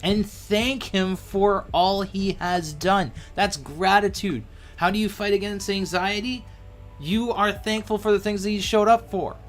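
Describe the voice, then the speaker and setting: A man hosting a livestream, teaching a Bible passage in a casual, jokey way with sudden jumps in pitch and playful asides. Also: steady tone, a little slow, soft background music.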